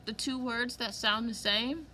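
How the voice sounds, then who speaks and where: A woman teaching a kindergarten lesson online, speaking slowly and clearly and stretching words for small children. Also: a little high, sharp tone, a little hiss or hum.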